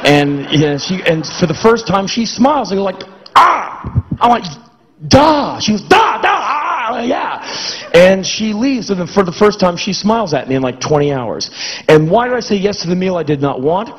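A middle-aged man telling a comic story on stage, acting out voices with shouts and grunts. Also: high-pitched, lively intonation, a little fast, poor audio. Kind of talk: spoken-word comic storytelling.

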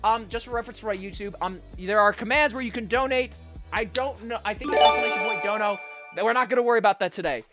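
A man's voice: high-pitched, fast, loud music behind the voice. A young man chatting casually on a live stream, upbeat and chatty, swearing freely. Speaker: livestreamer.

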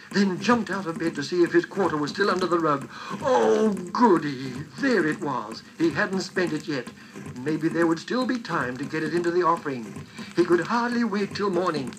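A man's voice: a little high, poor audio. A man telling a children's story with dramatic, varied pacing.

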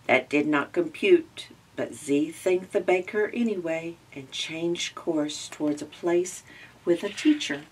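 A woman with a Southern American accent reading a children's picture book aloud, gently and slowly, lifting her voice for the characters. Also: low-pitched, breathy edge, far from the mic. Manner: gentle, slow storytelling with raised voices for characters.

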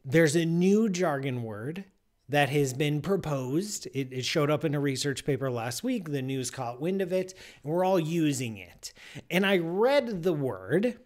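A man hosting a live science show with an animated, playful manner. His pitch swings widely as he fakes outrage, jumping from loud bursts down to low grumbling asides. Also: measured pace.

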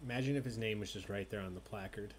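A man's voice: lowish voice, fast, slight background noise. A man hosting an online trivia night, reading questions and joking with the players in a casual, chatty way. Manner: joking, chatty, drinking as he hosts. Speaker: trivia host.

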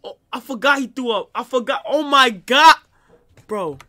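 A young man reacting to a video on a live stream, loud and excitable, laughing and shouting. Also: extremely high pitch, moderate pace, background noise.

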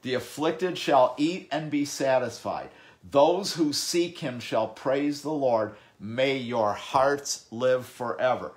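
A male pastor preaching a sermon. He reads scripture slowly and deliberately, repeats words as he thinks, and swings between loud, emphatic bursts and quieter stretches. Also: medium pitch.

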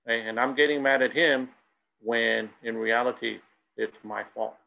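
Gravelly bilingual presenter. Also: male voice, mid-range voice, little pitch movement, normal speed, highs cut off. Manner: switches between Spanish and English, tells anecdotes. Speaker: school presenter.

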